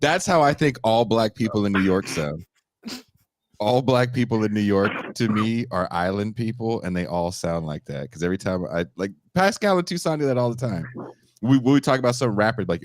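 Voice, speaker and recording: A man hosting a casual podcast, loud and animated, laughing and swearing as he talks. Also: lowish voice, a little fast, dry recording. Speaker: podcast host.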